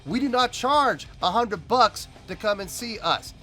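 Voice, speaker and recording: Bright-voiced man ranting emphatically. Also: high-pitched, animated, measured pace, faint music behind. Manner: ranting, emphatic, repeats himself. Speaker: music reaction host. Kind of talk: reaction video commentary.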